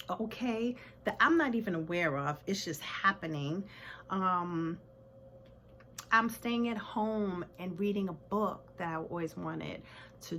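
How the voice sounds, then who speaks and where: A woman's voice: on the high side, a bit bright, slight background noise. A woman in her forties giving a personal motivational talk to camera, earnest and reflective. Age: 40s. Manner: earnest, reflective, many fillers. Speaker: vlogger.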